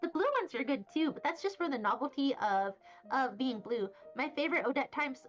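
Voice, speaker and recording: A woman's voice: high-pitched, animated, brisk. A young woman from Wyoming streaming, chatting casually and reading chat aloud in a rambling, silly, playful way. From Wyoming, USA. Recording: slightly dull audio with faint background music.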